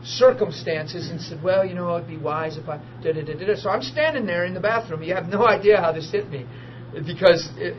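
A middle-aged man preaching a sermon built on personal testimony, animated, acting out the people in his stories and laughing easily. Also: high-pitched. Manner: animated storyteller, acts out dialogue, laughs easily. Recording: dull lo-fi archive recording with steady noise.

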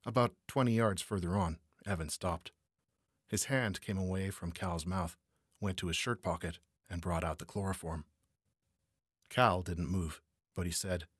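A man narrating a noir crime story as an audiobook reader, measured and steady. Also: low voice, slightly rough, no room sound, studio quality.

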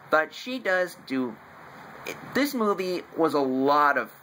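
A young man, in his teens, reviewing a movie at home in a rambling, excitable way, talking in bursts. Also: fairly high pitch, poor audio. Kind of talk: casual home video review. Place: room at home, family in the house. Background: faint TV noise from downstairs.

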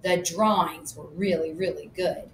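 A woman's voice: on the low side, fairly even intonation, a little slow, gravelly, reverberant, slight background noise, poor audio. A woman narrating a first-person children's book in a plain, matter-of-fact storytelling manner. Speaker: audiobook narrator.

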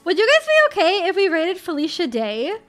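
A young adult woman streamer in casual, bubbly chat, gushing and excitable as she signs off. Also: very high-pitched, brisk, soft background music.

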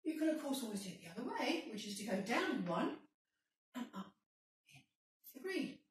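A woman's voice: fairly high pitch, very animated, moderate pace, heavy reverb, far from the mic, rough recording. A woman leading a workout, giving encouraging step-by-step instructions and counting reps, a little out of breath. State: slightly out of breath. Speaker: fitness instructor.

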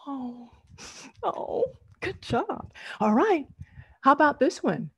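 A woman's voice: high-pitched, sing-song, takes it slowly, a bit bright. A middle-aged woman, leading an online storytelling workshop over a video call, encouraging and laughing often.

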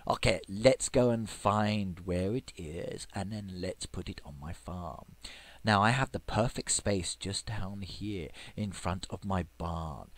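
Man chatting excitedly over a farm game. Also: deep voice, unhurried, no room sound. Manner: chatty, playfully excited, with squeals and sudden whispers. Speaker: game video creator. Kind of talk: gameplay commentary.

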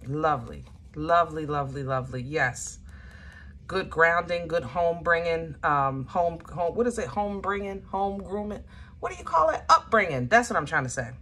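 A woman's voice: low-pitched, pushed and bright, slight background noise. A woman giving a casual, chatty tarot reading to her viewers, emphatic and often searching aloud for the right word. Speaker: tarot reader.

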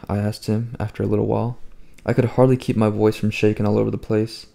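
Man reading a novel in a low mellow voice. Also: little pitch movement, quick pace, gravelly. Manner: conversational, wry, profane storytelling. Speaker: audiobook reader. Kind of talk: first-person novel narration.

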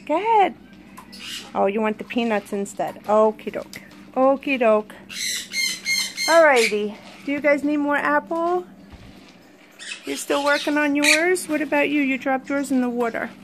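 A woman's voice: high voice, unhurried. A woman vlogger feeding her pets, talking to them in a cooing, sing-song way and chatting casually to her viewers. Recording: noisy home footage with squawking birds. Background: birds squawking.

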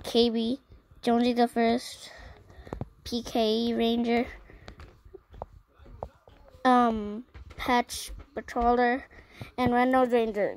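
Slow, high-voiced female gaming vlogger. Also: little pitch movement, slight background noise, rough recording. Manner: listing items one by one, with many ums and pauses. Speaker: gaming channel host. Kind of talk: casual gaming vlog.

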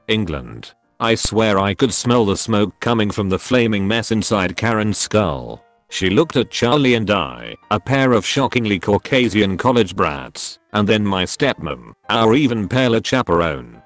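A synthetic male narrator reads a story with a lowish pitch and a lively, swinging intonation. The delivery is steady and machine-like, with faint music underneath. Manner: synthetic, evenly paced reading. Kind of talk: text-to-speech story reading.

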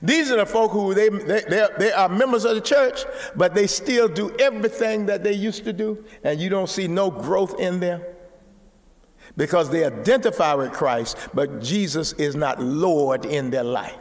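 A man preaching a sermon, repeating words and rising to shouts. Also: sits high, moderate pace, long reverb tail. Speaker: pastor.

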